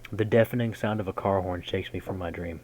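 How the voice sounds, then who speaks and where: A man reading a game's story text aloud in a measured way, breaking in with casual, slangy jokes as a gaming host. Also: low-pitched, steady tone, darkish tone, slight background noise, low-quality recording. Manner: measured narration broken by casual slangy comments. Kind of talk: reading game text aloud with jokey asides.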